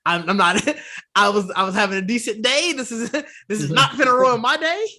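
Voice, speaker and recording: A man co-hosting a casual sports podcast over a video call, relaxed, mostly giving short agreeing replies. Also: very high-pitched, normal speed. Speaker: podcast co-host.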